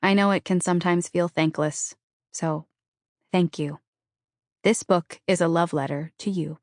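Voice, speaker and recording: A woman's voice: fairly low pitch, fairly even intonation, measured pace, no echo, studio quality. A woman narrating a novel in the first person, with a wry, conversational, self-deprecating delivery. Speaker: audiobook narrator.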